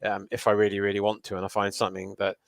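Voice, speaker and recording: A man with a fairly low voice, speaking as a guest in a conversation. He tells lively stories about his work, and the sound is dry, with no room echo. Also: rapid-fire, creaky. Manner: anecdotal, lively storyteller. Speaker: guest running a youth learning program. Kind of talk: storytelling conversation.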